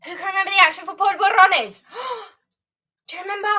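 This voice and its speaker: Bright, high-voiced woman teaching children. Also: normal speed, highs cut off. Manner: animated, encouraging, sing-song teacher voice. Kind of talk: online children's language lesson.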